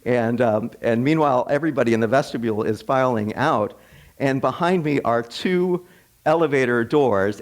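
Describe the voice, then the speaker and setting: Man preaching a storytelling sermon. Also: medium pitch. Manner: conversational, restarts and repeats words, occasional laughs. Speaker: minister. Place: church sanctuary.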